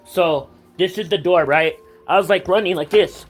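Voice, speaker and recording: A man's voice: high-pitched, moderate pace, soft background music. A teenage boy telling a personal story to camera in a casual vlog, rambling with lots of fillers and blunt swearing. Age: teens. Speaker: vlogger.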